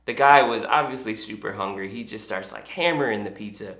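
A man's voice: on the low side, brisk, fairly bright tone. A male pastor giving a sermon in a conversational, storytelling way. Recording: echoey room.

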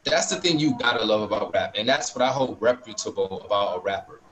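A man's voice: lowish voice, expressive, fast, a bit bright, a little hiss or hum, rough recording. Rambling man in casual chat. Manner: rambling, many fillers and restarts. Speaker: guest.

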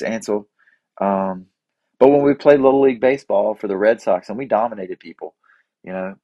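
A man in his forties with a fairly low voice, chatting in a relaxed, rambling way full of fillers and little restarts. The sound is dry and close, with no room echo. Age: 40s. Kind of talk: casual reflective chat.

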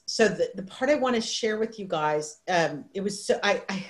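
A woman's voice: medium pitch, animated, moderate pace. A woman in her fifties hosting a video call, telling a personal story in a rambling, emotional way, full of restarts and asides. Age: 50s. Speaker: livestream host. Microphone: video call microphone.

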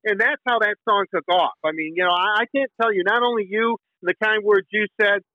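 A middle-aged Michigan man who hosts sports radio tells a rambling story in a casual interview, full of fillers and restarts. His high-pitched voice is a little fast, pushed and bright, and at one point he bursts into singing the team song. The audio comes over a tinny phone line with no room sound.

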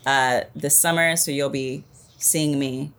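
A woman's voice: deep voice, fairly even intonation, slow, fairly bright tone. A woman chatting casually as a podcast guest, rambling and self-deprecating, laughing often. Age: born during the Cold War. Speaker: guest actress and former podcast host.

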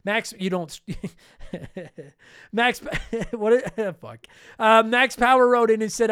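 A man's voice: sits high, extremely slow, fairly bright tone, clear, resonant tone, no room sound, studio quality. A man hosting a gaming podcast, reading listener comments with a profane, sarcastic, laughing manner. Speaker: podcast host.

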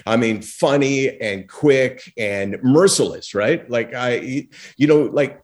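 A former talk show host telling lively stories as a podcast guest, acting out quotes and using lots of fillers. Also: male voice, mid-range voice, slow pace. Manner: animated storyteller, acts out quotes, frequent fillers. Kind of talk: storytelling in a podcast interview.

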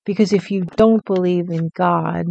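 Playful woman with mellow, dull-sounding voice. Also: fairly low pitch, fairly even intonation, gravelly. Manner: playful, teasing, quick to laugh. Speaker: podcast co-host. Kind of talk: casual book discussion.

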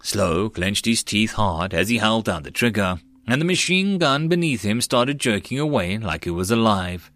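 A man narrating a web novel audiobook in a steady storytelling manner. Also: fairly low pitch, moderate pace, hardly any pauses, dry recording.

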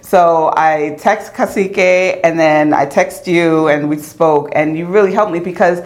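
A woman's voice: lowish voice, unhurried, darkish tone. A woman hosting a podcast, chatting candidly and laughing easily with her guest. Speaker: podcast host. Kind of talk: casual podcast chat.

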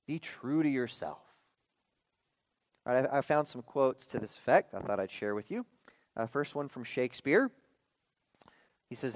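A man in his thirties preaching a sermon as a pastor, often checking in with the listeners with quick rhetorical "okay?" and "right?". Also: mid-range voice, expressive, dry recording, studio quality.

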